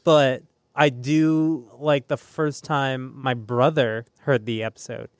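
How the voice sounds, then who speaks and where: A man's voice: medium pitch, fairly even intonation, takes it slowly, no room sound, studio quality. A man in a casual podcast chat as a player, self-deprecating, stammering into his sentences.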